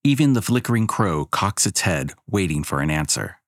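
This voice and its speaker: A man with a very low voice narrates a fantasy story in a wry, measured way. The sound is dry and close to the mic. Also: sing-song, no echo.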